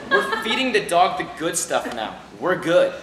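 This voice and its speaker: A man's voice: fairly high pitch, very animated, moderate pace. A man playing a patient husband in a comedy sketch, soothing and stammering, turning defensive. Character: patient husband trying to calm his wife. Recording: roomy, distant mic, noisy background.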